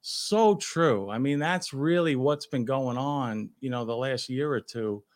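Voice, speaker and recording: A retired police officer with a New York accent co-hosts a talk show, chatting casually in an emphatic, opinionated way. His voice is mid-range and a little slow.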